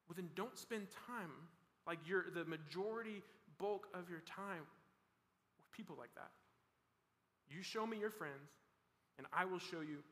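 A young man gives a youth sermon in a loose, conversational way, full of fillers and restarts. His voice sits high and bright. Long reverb from a big hall hangs behind every phrase. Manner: casual, rambling with many "like" fillers and restarts. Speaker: youth pastor. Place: large hall with a student audience.

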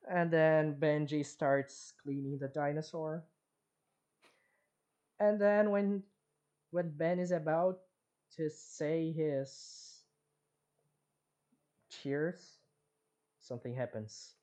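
A man co-hosting a podcast in casual chat, slowly recapping an episode. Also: fairly high pitch, darkish tone. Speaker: podcast co-host.

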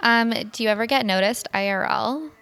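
A young woman hosting a podcast, enthusiastic, quick with reactions and exclamations. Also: fairly high pitch, vocal fry, a bit bright, clear, resonant tone. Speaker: podcast host. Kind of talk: casual podcast chat.

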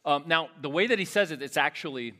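A man's voice: fairly high pitch, lively intonation, fast talker, bright, forceful tone. A man teaching a Bible passage verse by verse in an explanatory way, often restarting and adding asides.

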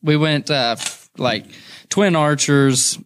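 A man's voice: a little high, takes it slowly, slight background noise. A young man telling a rowdy story in casual chat, laughing often and swearing freely. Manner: laughing often, profane, animated.

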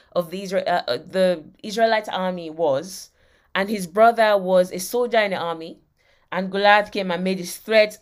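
A woman preaching a sermon, emphatic and often asking her listeners whether they understand. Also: fairly high pitch.

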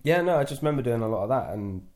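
A man's voice: mid-range voice, lively intonation, very fast, a little mellow. A man chatting as a podcast guest, telling rambling, self-deprecating stories about wrestling. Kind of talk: casual podcast conversation.

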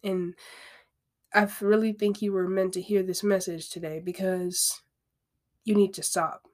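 A woman's voice: mid-range voice, level tone, a little slow, a little mellow. A woman hosting a podcast, talking through self-help advice in a candid, conversational way, with frequent asides and repeated phrases. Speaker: podcast host. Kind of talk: casual self-help monologue.

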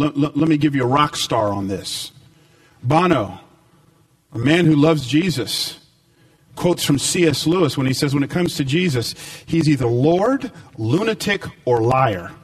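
A man preaching a sermon, animated and rising to emphatic peaks. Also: fairly high pitch, normal speed, far from the mic, poor audio.

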